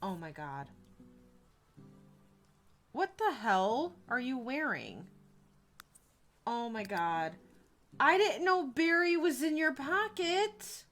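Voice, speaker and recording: A young woman streams a game in a high voice that swoops up and down. She talks in an unhurried way, reacting to the game and chatting with her viewers. Soft music plays faintly behind her. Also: poor audio. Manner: chatty, reacting to the game and reading chat aloud. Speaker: live streamer. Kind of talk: casual gameplay commentary.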